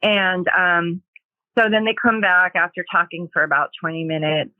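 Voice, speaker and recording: Woman guest, halting testimony, tinny narrow sound with no room echo. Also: lowish voice. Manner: hesitant, halting, with many pauses. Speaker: guest sharing a personal testimony. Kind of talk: emotional personal testimony.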